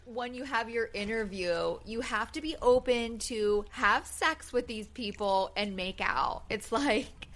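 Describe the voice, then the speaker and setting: A woman's voice: a little high, a little slow, hardly any pauses, a bit bright. A woman co-hosting a podcast, chiming in with short reactions and casual asides. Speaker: podcast co-host. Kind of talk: casual chat.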